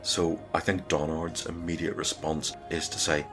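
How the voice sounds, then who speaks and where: A man narrating a solo tabletop game in a relaxed, conversational storytelling way. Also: rumbling low, moderate pace, music in the background.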